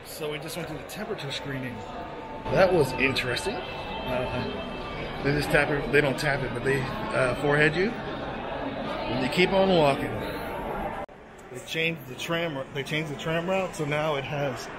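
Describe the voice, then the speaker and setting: A man filming a casual vlog, gushing and excitable as he keeps calling out to his viewers, first in a car and then walking outdoors. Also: on the high side, normal speed, over a noisy crowd. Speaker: vlogger. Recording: loud traffic noise behind a handheld camera. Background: loud vehicle and outdoor ambience.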